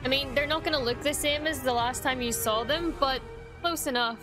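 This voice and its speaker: A woman's voice: high voice, a little fast, over music. A woman streamer reacting to a cartoon show, blurting exclamations and swearing casually. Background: show soundtrack playing.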